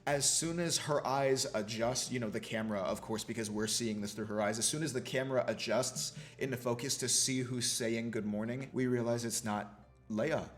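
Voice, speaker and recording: A man's voice: mid-range voice, steady tone, moderate pace, slight background noise. A man, a film student, reviewing a TV show in a casual, profane rant full of fillers. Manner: profane, ranting, many fillers like "you know".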